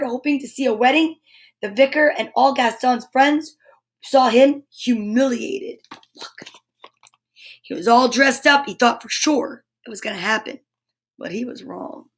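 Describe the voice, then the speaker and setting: A woman reading a children's storybook aloud, animated, with gasps and asides to her listeners. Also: high-pitched.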